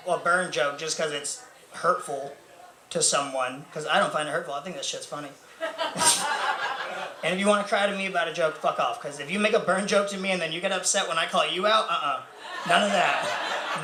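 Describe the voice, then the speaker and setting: A young man doing a rambling, profane, self-mocking stand-up set full of fillers and laughter. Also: on the high side. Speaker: stand-up comedian. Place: bar or club stage with a live audience. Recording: echoey room with crowd noise.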